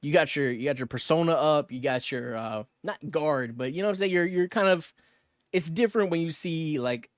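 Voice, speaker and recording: A young man co-hosts a casual podcast, rambling quickly through slang, swearing and filler words. His voice sits a little high. The sound is dry and close. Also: no room sound. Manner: fast, rambling, slangy and profane, with many fillers. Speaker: podcast co-host.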